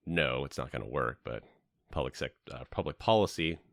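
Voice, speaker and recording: A man with a deep voice reads through a list of security headlines on a casual podcast. His delivery is matter-of-fact, and the sound is dry and close. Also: animated, a little fast, creaky, no echo. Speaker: podcast co-host. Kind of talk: casual chat and news recap.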